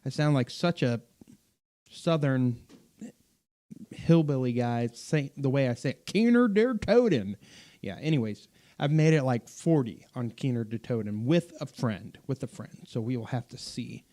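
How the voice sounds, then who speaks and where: A man's voice: mid-range voice, moderate pace, dark tone. A man hosting a live stream as a pastor, chatting casually with viewers and rambling through fillers, restarts and self-corrections.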